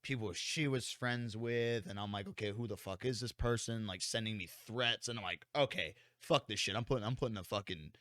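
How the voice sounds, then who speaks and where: A man's voice: on the low side, a little fast, few pauses, no room sound, studio quality. A young man co-hosting a podcast, telling a story in casual chat, swearing a lot and acting out what people said. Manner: animated, swears a lot, acts out quotes. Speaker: podcast co-host.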